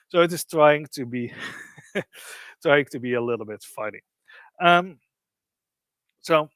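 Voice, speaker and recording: A man at an everyday middle pitch walks an audience through a software demo step by step. His phrasing is loose and explanatory, peppered with fillers. The sound is dry and close, with no room echo. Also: a little slow, long pauses. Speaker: presenter. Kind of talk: live software demo walkthrough.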